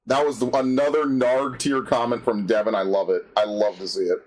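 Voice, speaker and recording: A man's voice: mid-range voice, little pitch movement, a little fast, darkish tone, poor audio. Young guy streamer, swears a ton, ranty crude banter, just chatting. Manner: crude, profane, ranting banter. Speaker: streamer host. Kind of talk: casual stream chat.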